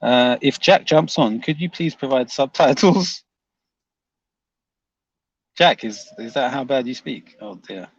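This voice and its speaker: A man's voice: mid-range voice, lively intonation, slow, pauses often, slightly rough, no echo, highs cut off. A man hosting a casual livestream, reading viewer comments aloud and teasing them, laughing often.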